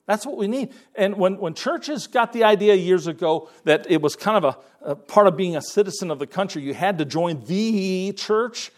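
A man's voice: sits high, animated, normal speed, few pauses. A man preaching a sermon in a folksy way, repeating his words and quoting scripture in King James wording. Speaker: pastor.

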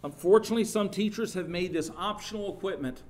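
Middle-aged guy pastor preaching, kinda high voice, gets loud and emphatic then stumbles a bit. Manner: earnest and lively, with rising emphatic bursts and halting restarts. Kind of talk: sermon.

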